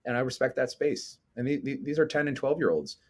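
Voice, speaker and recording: A man in his forties, a coach and lecturer, talking in a casual interview with an animated manner and frequent tag questions. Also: medium pitch, a little fast. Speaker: strength coach and lecturer, podcast guest.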